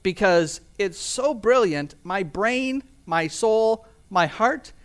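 A man's voice: sits high, expressive, slow pace, clean tone. A man preaching a sermon as pastor, earnest and emphatic, reading scripture aloud and asking rhetorical questions. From Canada.

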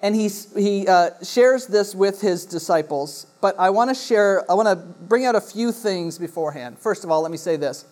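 Speaking in church, a pastor with a medium-pitched, darkish voice reads a scripture passage aloud and then explains it to the congregation in a sermon. He pauses frequently on "uh" and restarts phrases.

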